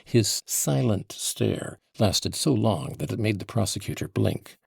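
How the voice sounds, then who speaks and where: A man narrating a classic novel audiobook in an expressive storytelling manner. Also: on the low side, measured pace, gravelly, husky, no echo, clean studio sound.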